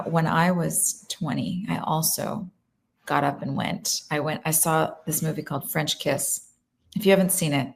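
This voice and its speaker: A woman's voice: deep voice, vocal fry. A woman, an actress, chatting animatedly in a casual live question-and-answer session about her film. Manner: chatty and animated, with fillers and asides.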